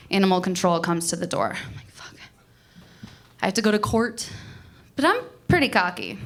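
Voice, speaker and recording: Young woman doing stand-up in a comedy club, storytelling with lots of goofy voices. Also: medium pitch. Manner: storytelling, animated character voices. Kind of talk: stand-up set.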